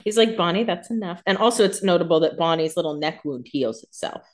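A woman's voice: deep voice, lively intonation, quick pace, a little mellow. A woman co-hosting a casual podcast, making wry, sarcastic comments on a TV episode. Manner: wry, sarcastic asides with frequent laughs. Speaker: podcast co-host. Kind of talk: casual chat.

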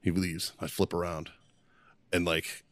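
A man with a fairly low voice tells rowdy military stories, cursing and laughing as he goes. The sound is dry and close, with no room around it. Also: unhurried, no room sound. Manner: profane, animated, laughing storyteller. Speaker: podcast co-host. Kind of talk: casual storytelling.

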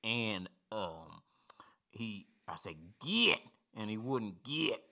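A man voicing a drunk hillbilly caller, rambling in a low, halting drawl for a comedy call-in sketch. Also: big pitch swings, gravelly, bright, forceful tone, full character voice.

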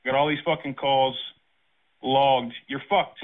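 A man's voice: mid-range voice, fairly even intonation, takes it slowly. A man on a phone call, cursing and making threats. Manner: threatening, cursing, shouting insults. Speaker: prank call target. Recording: tinny phone line.

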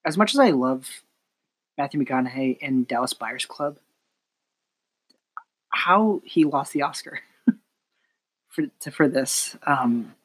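A man's voice: mid-range voice, expressive, a bit bright, husky, rough recording. A man on a podcast, playfully discussing films and awards in casual conversation. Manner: playful, quick to joke and laugh. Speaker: podcast co-host.

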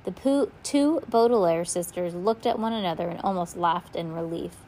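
A woman casually reading a children's novel aloud, breaking off for little asides and slipping into lively voices for the characters. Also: fairly low pitch, normal speed, slight background noise, rough recording. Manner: casual read-aloud with asides and self-corrections. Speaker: reader.

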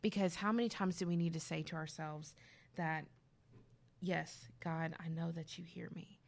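A woman co-hosting a casual faith talk, telling lively stories and acting out what people said. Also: lowish voice, moderate pace, gravelly. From grew up youngest of five. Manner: animated storytelling, acting out quotes. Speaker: podcast co-host.

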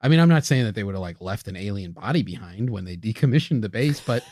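A man's voice: fairly low pitch, expressive, fast talker, a little mellow, no room sound, studio quality. A man co-hosting a casual podcast, chatty and joking in a laid-back way. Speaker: podcast co-host.

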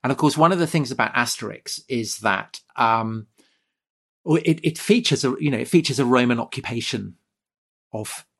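A man's voice: mid-range voice, normal speed, vocal fry, fairly bright tone. A man hosting a history podcast, talking enthusiastically with many ums and restarts. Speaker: podcast host. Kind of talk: casual podcast conversation.

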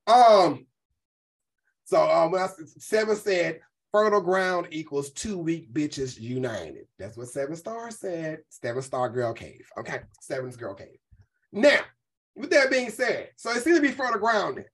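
A woman hosting a casual commentary chat, talking in an animated, profane way and putting on other people's voices when she quotes them. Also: on the low side, normal speed, rough recording. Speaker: host.

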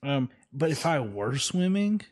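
A man's voice: fairly high pitch, sing-song, measured pace, darkish tone. A man co-hosting a podcast in casual chat, from the Southern United States, joking and rambling with lots of fillers. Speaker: podcast co-host.

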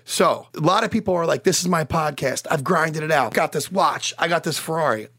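A man's voice: a little high, lively intonation, a little fast, pushed and bright, no room sound, clean studio sound. A man chatting as a podcast guest, brash and swearing freely as he tells stories. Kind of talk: casual chat. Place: Los Angeles studio.

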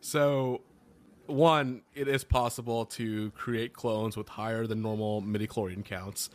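A man's voice: fairly low pitch, fairly even intonation, unhurried. A man co-hosting a podcast, talking in a laid-back way with lots of laughs. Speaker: podcast co-host. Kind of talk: casual chat.

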